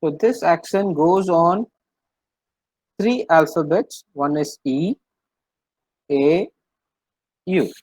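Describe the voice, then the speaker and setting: A man leads an online French class with unhurried patience, circling back over each point and filling pauses with hesitations. His voice sits slightly high for a man. The sound is dry and close, as on a video call. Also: darkish tone, dry recording, rough recording. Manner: patient, repetitive explaining with many fillers. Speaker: French teacher.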